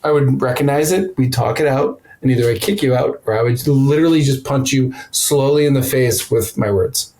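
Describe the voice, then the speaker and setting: A man's voice: medium pitch, a little fast, few pauses, darkish tone, low-quality recording. Rambling man telling comedy stories. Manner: loose, rambling storytelling with blunt profanity. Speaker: comedian guest. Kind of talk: casual podcast chat.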